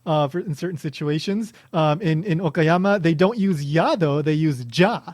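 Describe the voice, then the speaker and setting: A man's voice: fairly high pitch, normal speed, a little mellow, no echo, clean studio sound. A man hosting a podcast, chatting casually and explaining things with lots of restarts and fillers. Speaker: podcast host.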